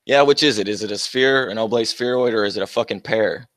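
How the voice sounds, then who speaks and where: He's a young man hosting his own livestream, talking fast into a close, dry mic with no echo. His voice is low and a bit bright. Loose and casual, he jabs at viewers, fires back at chat comments with combative, profane mockery, and laughs a lot.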